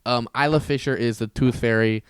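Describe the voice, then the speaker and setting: A man's voice: mid-range voice, fairly even intonation, brisk, smooth, dry recording. Blunt young man in casual chat. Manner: blunt, opinionated, swears casually.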